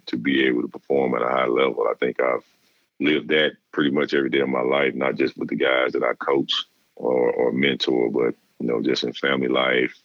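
A middle-aged man, a former player and interview guest, telling stories in a relaxed way and acting out the dialogue. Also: rumbling low, gravelly, dry recording. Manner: relaxed storyteller, acts out quoted dialogue. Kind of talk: casual interview storytelling. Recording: dull lo-fi dry sound.

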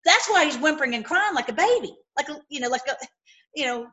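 A woman giving an informal, impassioned sermon, swinging between loud outbursts and low murmurs, with many repeated words. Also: animated, quick pace. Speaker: preacher.

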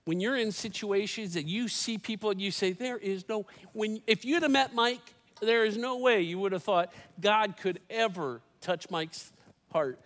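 A man in his fifties preaches a sermon in a church, his notably high voice carried by a long hall reverb. He tells stories in a folksy way and drops in humorous asides. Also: a little slow, a bit bright. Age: 50s. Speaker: pastor. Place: church sanctuary.

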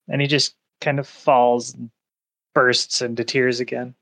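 A man narrating a tabletop game as game master, describing scenes in a casual, unhurried way. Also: mid-range voice, little pitch movement, vocal fry, fairly bright tone.

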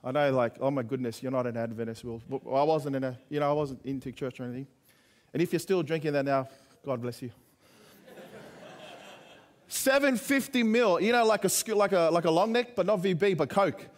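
A young man preaching a sermon, telling stories in a chatty way and then calling out loud appeals to the congregation. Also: fairly high pitch, fast talker. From Australia. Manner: conversational storytelling, rising to loud appeals.

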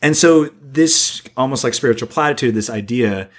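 At a moderate pace and in a mid-range voice, a man co-hosts a podcast. He rambles casually, and "like" shows up over and over.

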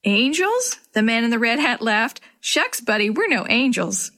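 A woman's voice: fairly high pitch, sing-song, unhurried, bright, forceful tone, heavily acted. A woman doing a folksy rescue leader. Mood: joking. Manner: folksy, cheerful. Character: friendly male rescue leader, easygoing.

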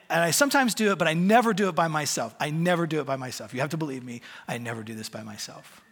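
A middle-aged male pastor telling a story in a sermon, halting and self-deprecating, with a raspy voice. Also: mid-range voice, a bit bright.

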